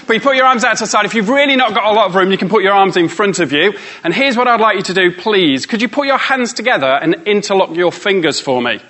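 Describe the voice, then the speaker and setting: A man's voice: high-pitched, expressive, quick pace, few pauses, bright, forceful tone. A man, a motivational speaker giving a live workshop talk and playfully teasing and coaxing his audience.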